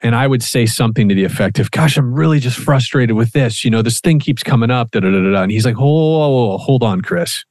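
Podcast co-host, male, mid-pitched, lively storyteller who swears casually, dry booth sound. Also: fast, hardly any pauses, no echo. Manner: animated, acts out quoted dialogue, swears casually.

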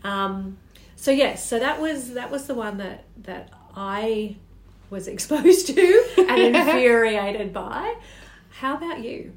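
A woman's voice: a little high, slow pace, crowd noise. Emphatic woman in an echoey room. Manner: expressive, emphatic, trails off mid-thought. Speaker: podcast co-host. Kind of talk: casual chat. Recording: echoey room with faint background noise.

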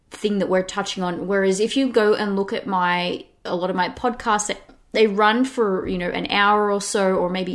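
Chatty young woman podcast host. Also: medium pitch. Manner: chatty, with frequent "like" and restarts. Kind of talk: casual solo podcast talk.

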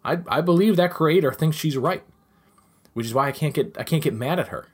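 A young adult man who trains dogs and hosts a podcast, explaining things in a lively way and repeating phrases for emphasis. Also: on the high side, a little fast, slightly rough. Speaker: dog trainer and podcast host. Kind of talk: solo podcast monologue.

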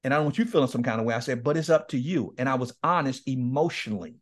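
A man's voice: mid-range voice, lively intonation, rapid-fire. A middle-aged man, a guest speaker, telling candid stories in an interview, laughing often and acting out quoted dialogue. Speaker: guest speaker and men's ministry leader. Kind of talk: candid storytelling in a podcast interview.

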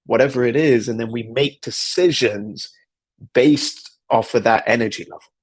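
A man's voice: medium pitch, normal speed, slightly rough. A man hosting a podcast, telling a personal story in an earnest, reflective way with a lot of repetition. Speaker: podcast host. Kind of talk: personal story, motivational talk.

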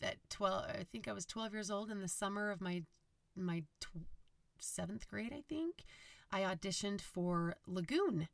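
A woman from Utah talks on her own podcast in a low, husky, raspy voice that sits deep for a woman. She rambles in a chatty way, full of "um"s and corrections. The recording is dry and close, with no room sound. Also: no room sound. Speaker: podcast host. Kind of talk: casual solo podcast monologue.

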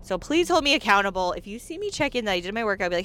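A woman's voice: mid-range voice, big pitch swings, fast talker, fairly bright tone. A pregnant woman in her thirties hosting a casual solo podcast, chatty, saying "like" often and laughing between phrases. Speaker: podcast host.

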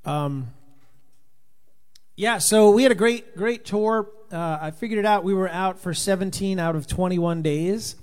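A man from Rhode Island with a somewhat high voice hosts a relaxed livestream and chats to viewers one by one. His voice sounds tired and worn from long touring. He rambles loosely and reads comments as they come in. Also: unhurried. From Rhode Island, USA. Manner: chatty, greets viewers by name, loose and rambling. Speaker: livestream host and touring Christian musician. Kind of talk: casual live chat reading viewer comments.

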